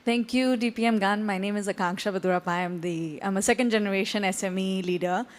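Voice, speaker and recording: A woman's voice: medium pitch, fast talker. A woman with a mid-range voice stands in the audience and asks a question. She sounds confident, with a slightly playful edge. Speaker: audience member, business leader.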